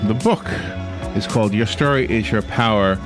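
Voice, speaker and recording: A man hosting a radio interview, halting and folksy, often correcting himself. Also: lowish voice, music in the background. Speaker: radio host.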